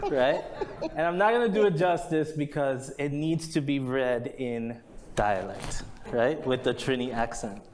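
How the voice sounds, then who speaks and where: A man moderating a live poetry session, introducing and honoring the featured poet in an effusive, chatty way with frequent laughs and fillers. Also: mid-range voice. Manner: warm, effusive, laughing often with many fillers. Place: live literary event venue. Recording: live event recording with background noise.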